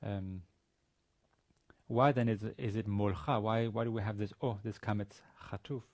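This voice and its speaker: Here a university lecturer teaches Biblical Hebrew, methodically reading sentences aloud, translating them, and explaining their grammar in steps. His voice sits on the low side with a darkish tone, steady and unhurried at a moderate pace.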